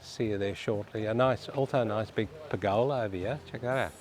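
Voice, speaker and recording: A man's voice: fairly low pitch, brisk, a little mellow. A man vlogging a house tour, chatting casually to viewers he calls guys as he walks through rooms and the yard. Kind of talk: casual walkthrough commentary. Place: outdoors and indoors at a suburban house.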